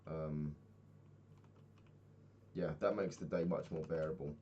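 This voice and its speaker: A man's voice: extremely low pitch, steady tone, slow pace, mellow, slightly rough, muffled recording. A young man chatting casually in a video diary while playing a game, rambling, swearing freely and laughing often. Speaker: vlogger.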